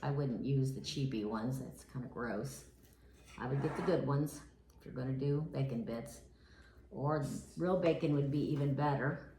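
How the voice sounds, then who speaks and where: A woman's voice: very deep voice, normal speed, mellow, slight background noise. An older woman chatting in a homey, casual way as she walks viewers through a cooking demo. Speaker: cooking vlogger.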